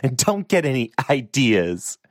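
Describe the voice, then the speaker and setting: A man voicing a confident, teasing young noblewoman, raising his voice high for her. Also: sing-song, measured pace, no echo, clean studio sound, heavily acted. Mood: playful.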